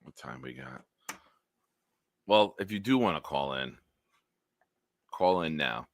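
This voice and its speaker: A man's voice: rumbling low, expressive, takes it slowly. A man hosting a casual football live stream, blunt and opinionated, with some profanity. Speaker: host.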